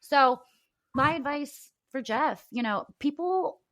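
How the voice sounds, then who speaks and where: A woman's voice: high voice, slow pace. A young woman, a guest on a podcast, telling stories in casual chat and saying "like" a lot. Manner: animated storytelling, frequent "like". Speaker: guest, former reality show contestant.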